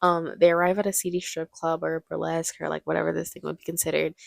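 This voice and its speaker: A woman's voice: sits low, level tone, fast, vocal fry, no room sound, clean studio sound. A young woman giving casual, joking movie commentary, laughing often.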